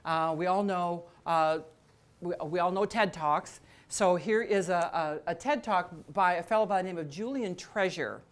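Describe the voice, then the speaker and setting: A woman's voice: fairly low pitch, moderate pace. Chatty woman leading a workshop. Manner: conversational, frequent fillers and restarts; laughs and jokes with attendees. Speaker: workshop trainer. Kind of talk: interactive training session.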